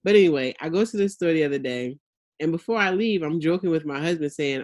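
Candid laughing mom, dry close mic. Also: female voice, lowish voice, big pitch swings, moderate pace, a little mellow, no echo. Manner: candid, laughs while venting, acts out her kids' voices. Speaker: mother of young children. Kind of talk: casual podcast conversation.

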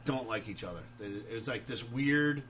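A man's voice: mid-range voice, normal speed, a bit bright, a little hiss or hum. A man from New York telling rambling, profane stories as a guest in a casual interview. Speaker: guest, metal band singer. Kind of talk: casual storytelling.

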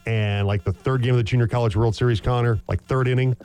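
A man's voice: mid-range voice, steady tone, quick pace, darkish tone, clear, resonant tone, soft background music. A man hosting a sports radio show, chatting casually, repeating himself and laughing easily.

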